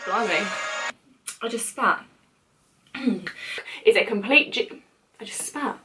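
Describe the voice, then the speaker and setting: A woman's voice: on the high side, slow pace, fairly bright tone, faint music behind. A young woman with a British accent, rambling and giggling through casual vlog outtakes, often mocking herself. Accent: British English. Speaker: vlogger.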